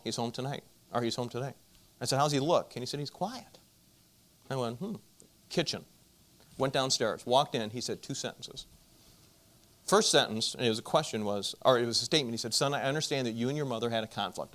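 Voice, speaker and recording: A middle-aged man speaking at a marriage conference tells an audience a personal story, animated and acting out the voices of the people involved. His voice is medium-pitched.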